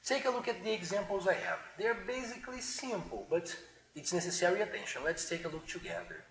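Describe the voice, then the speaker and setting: A man with a high voice gives a beginner English lesson, his pitch swinging widely as he stresses each example. He says the model sentences slowly and clearly, then checks in with listeners again and again. The recording has a noticeable room echo. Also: very animated, fairly bright tone. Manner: slow emphatic model sentences, frequent "okay?" checks. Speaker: English teacher. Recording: echoey room.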